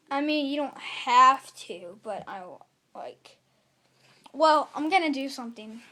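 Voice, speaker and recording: A woman's voice: high-pitched, animated, unhurried, fairly bright tone. A young girl vlogging casually to camera at home, rambling and apologizing a lot, with little giggles. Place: at home in a room.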